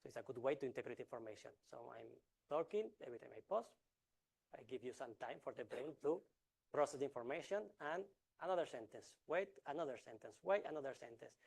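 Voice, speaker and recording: Presenting his research as an academic lecture, a man walks through each step with frequent fillers, restarts and purposeful pauses. He speaks at a medium pitch, expressively, in a gravelly, slightly mellow voice, and the audio is a bit rough.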